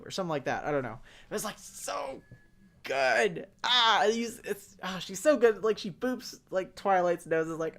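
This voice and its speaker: A young man co-hosting a casual fan discussion, talking in an excitable, rambling way full of fillers and sudden bursts of enthusiasm. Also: high voice, moderate pace, gravelly. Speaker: podcast co-host.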